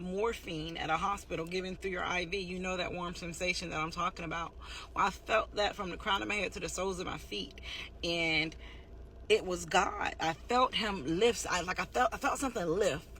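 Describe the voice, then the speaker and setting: A woman's voice: on the low side, bright, forceful tone, a little hiss or hum. Woman, heartfelt testimony speaker; intense, pressed tone, casual rambling delivery. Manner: candid, heartfelt, rambling with fillers and restarts.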